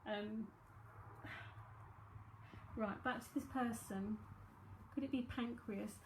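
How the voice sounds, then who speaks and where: London lady doing a psychic reading, rambly and chatty, voice a bit on the high side, roomy echo. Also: steady tone, drawn-out words, slight background noise. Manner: chatty, rambling, thinking aloud with many fillers. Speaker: psychic medium. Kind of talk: live-streamed reading, casual chat.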